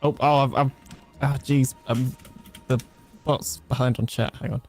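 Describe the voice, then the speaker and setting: A man's voice: mid-range voice, steady tone, a little slow, darkish tone. A man on a gaming stream reading out chat messages in a playful, casual way. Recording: faint music behind.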